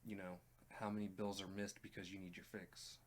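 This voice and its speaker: A man with a somewhat low voice co-hosts a relaxed reaction chat. He talks earnestly and plainly, turning to the viewers to speak to them directly. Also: a little fast, slight background noise. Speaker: reaction channel co-host. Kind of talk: casual chat.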